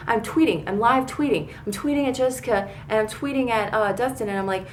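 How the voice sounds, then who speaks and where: A woman in her thirties talks through a reality TV recap in a casual, rambling way, swearing freely and getting worked up over the action. Her pitch sits in the middle of the usual range. Faint background noise sits under her voice. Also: a little fast. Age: 30s. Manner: excitable, profane, rambling. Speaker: TV recap vlogger. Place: bedroom.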